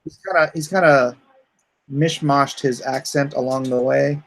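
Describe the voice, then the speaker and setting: A man's voice: medium pitch, fairly even intonation, a little slow, rough recording. A man chatting casually as a guest, joking and laughing often. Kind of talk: casual chat.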